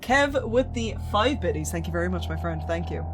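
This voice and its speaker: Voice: medium pitch, lively intonation, fairly quick. Streamer, casual live commentary, rambling and chatty, mid-range voice over background music. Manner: chatty, rambling, reacts to chat. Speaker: gaming streamer.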